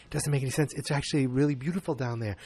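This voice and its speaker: A man's voice: medium pitch, very fast, a little mellow, husky. A man hosting a podcast who recaps a film in a rambling, casual way, with sarcastic and self-deprecating asides. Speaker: podcast host.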